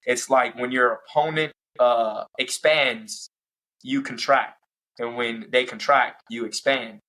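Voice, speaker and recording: Young male fighter, guest on an interview; lively storyteller with a bright, forceful tone. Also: mid-range voice, slow pace, poor audio. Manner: animated, acts out fight moments and quotes. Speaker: professional MMA fighter, guest.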